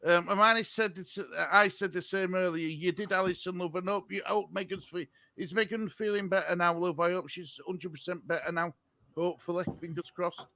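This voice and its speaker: A man's voice: sits high, steady tone, normal speed, sharp tone, dry recording. A man, co-hosting a casual live stream, chatty with viewers and flustered by the technology. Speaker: stream co-host.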